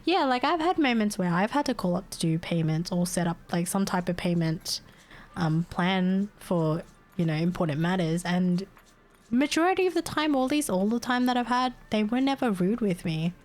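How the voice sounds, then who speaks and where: A woman's voice: mid-range voice, expressive, moderate pace. Young aussie woman ranting on stream, laughs a lot, swears, fed up. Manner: exasperated venting, laughs often, swears. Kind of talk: casual chat with stream chat.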